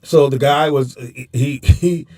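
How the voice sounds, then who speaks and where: A man's voice: fairly high pitch, steady tone, takes it slowly, dark tone, distant mic. A man co-hosting a podcast, talking loosely and joking with a lot of cursing. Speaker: podcast co-host. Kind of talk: casual chat.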